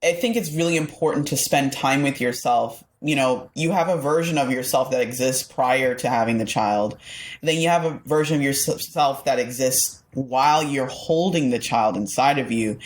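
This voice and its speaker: A woman's voice: a bass voice, normal speed. A woman hosting a podcast, asking reflective questions in a casual, supportive way. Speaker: podcast host. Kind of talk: casual interview.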